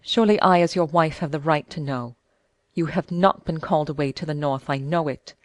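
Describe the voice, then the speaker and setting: A woman's voice: deep voice, no echo, natural voice. A woman doing an anxious, pleading noblewoman. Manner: quick and feverish, pleading. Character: impulsive, anxious young noblewoman and wife.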